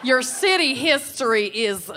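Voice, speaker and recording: A woman in her thirties co-hosting a podcast live, telling brash, profane stories with animated energy. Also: high-pitched, a little slow. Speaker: podcast co-host. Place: live venue stage before an audience. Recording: live room with crowd and noise.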